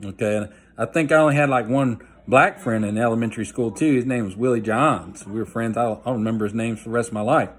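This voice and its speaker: A man's voice: medium pitch, fast, hardly any pauses. A man telling a personal story in a blunt, folksy way, using slang and frequent "you know" asides. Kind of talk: casual storytelling monologue.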